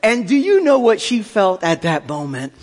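A man's voice: high voice, normal speed. Man preaching with long hall reverb. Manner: animated storytelling, acting out dialogue. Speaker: pastor. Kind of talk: sermon.

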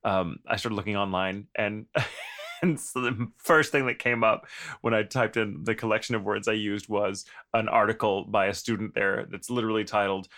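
A man's voice: fairly low pitch, steady tone, normal speed, a bit bright. A man from Texas speaking in an affected mid-Atlantic accent, co-hosting a podcast in casual, theatrical chat and laughing often. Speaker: podcast co-host.

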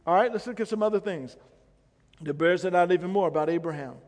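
A man's voice: high voice, quick pace, a little mellow. A male pastor preaching a sermon, emphatic, repeating phrases and questioning the congregation. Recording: long hall reverb.

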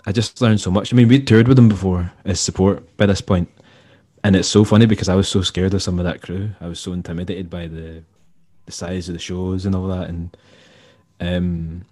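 A Scottish man, a musician and tour manager, telling stories in a relaxed, rambling way and acting out the people he quotes. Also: low voice, fairly quick. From Scotland. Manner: rambling, laid-back, acts out quoted dialogue. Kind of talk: casual storytelling interview.

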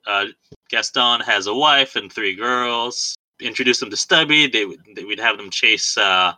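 Bright-voiced man co-hosting a podcast. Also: medium pitch, a little slow, no room sound, low-quality recording. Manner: chatty, laughs often, self-deprecating. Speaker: podcast co-host. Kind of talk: casual film review chat.

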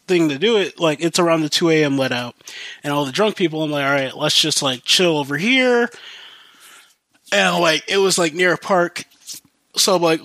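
Young male podcast host, casual rambling storyteller, slightly high voice, dry close sound. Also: fairly bright tone, dry recording. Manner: rambling, heavy use of fillers like "like" and "you know".

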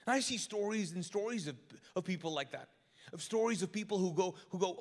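A man preaching a live sermon as pastor, animated and joking, often restarting his sentences and acting out what people in the church say. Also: high voice, a little fast. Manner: animated, joking, frequent restarts, acts out congregants' lines. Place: large church auditorium. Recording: long hall reverb.

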